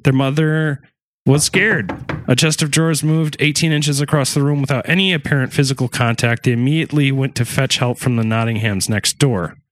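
A man's voice: mid-range voice, fairly quick, a little hiss or hum. A man casually retelling a haunting story on a podcast, cursing often, joking in asides and stumbling over words. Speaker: podcast host.

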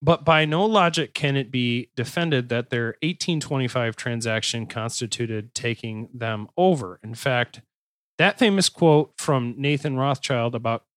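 A man's voice: medium pitch, fairly bright tone, dry recording, studio quality. A man hosting a podcast, chatting loosely and reading notes aloud with frequent restarts and jokes. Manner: rambling, joking, self-correcting restarts. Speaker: podcast host.

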